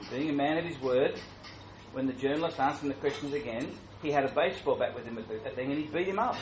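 A man preaching a sermon in a church, talking in a conversational, animated way that grows louder. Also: mid-range voice, quick pace, a little hiss or hum. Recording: roomy, muffled church recording.

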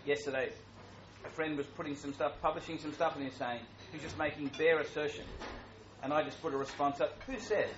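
A man's voice: on the high side, brisk, background noise. Man preaching in a roomy church. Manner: conversational, animated, grows louder. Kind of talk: sermon. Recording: roomy, muffled church recording.

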